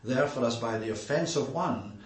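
A man preaching an expository sermon in a deliberate way, pausing often with filler sounds. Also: mid-range voice, lively intonation. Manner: deliberate, with frequent "uh" pauses. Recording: roomy echo.

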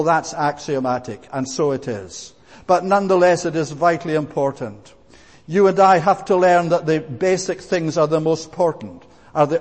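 A man preaching a sermon in an earnest, emphatic and deliberate way. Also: fairly high pitch, darkish tone, big-room sound.

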